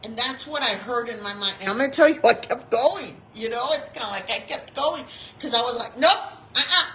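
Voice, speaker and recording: Woman, 50s, chaplain, sermon, high voice, bright tone, animated delivery. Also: fairly quick, slight background noise, low-quality recording. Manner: animated, acts out quoted people.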